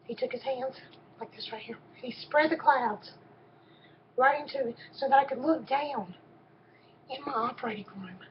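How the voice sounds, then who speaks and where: A woman's voice: high-pitched, normal speed, lo-fi sound, slight background noise. A woman gives an emotional personal faith testimony, often stopping and repeating her words. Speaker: storyteller.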